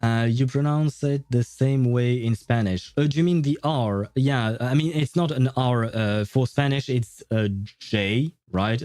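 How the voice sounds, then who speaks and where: A man's voice: medium pitch, darkish tone, no echo, studio quality. A man from France with a French accent, chatting casually to his viewers while streaming a game, rambling, laughing often and stumbling over words. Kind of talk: casual live-stream chat.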